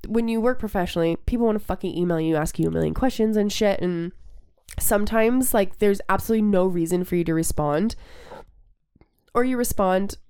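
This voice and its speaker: Young woman, podcast co-host, casual chat, candid, swears a lot, smooth clear voice, dry close sound. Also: mid-range voice, fairly quick, mellow, no room sound. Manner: candid, swears freely, many fillers and restarts.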